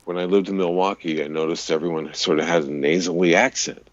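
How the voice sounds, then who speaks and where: A man, a voice-over artist and radio DJ, chatting in an interview and explaining voice technique in an easy way, with a deep, resonant voice. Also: fairly even intonation, fairly quick, no echo, muffled recording. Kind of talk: casual interview chat.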